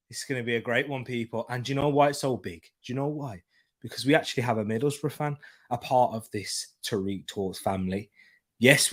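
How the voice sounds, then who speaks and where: A young man hosting a live football watchalong, chatting casually with lots of slang and shout-outs as he reads viewer comments. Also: on the high side. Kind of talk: live-stream chat, reading viewer comments.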